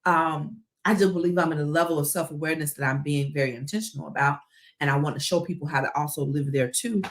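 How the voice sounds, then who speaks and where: A woman's voice: low-pitched, fast. Earnest woman giving a heartfelt live talk. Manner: earnest, encouraging, addresses listeners directly. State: emotional, close to tears. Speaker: podcast host.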